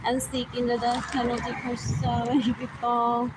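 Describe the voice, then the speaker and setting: A woman livestream host rambles through a monologue, often repeating herself and laughing between phrases. Her rather high voice is monotone, at a normal pace with hardly any pauses, while loud street traffic roars in the background.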